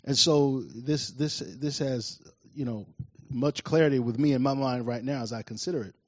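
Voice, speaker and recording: A man preaching a sermon in an animated way, rising loud and high as he tells stories. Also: normal speed, no room sound, muffled recording. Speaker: pastor.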